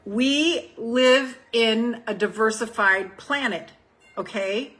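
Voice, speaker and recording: Bright-voiced woman in her seventies. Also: a little high, slow, faint music behind, poor audio. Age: 70s. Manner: frank, swears freely, repeats phrases for emphasis. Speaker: life coach. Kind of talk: casual group call, reading affirmation cards.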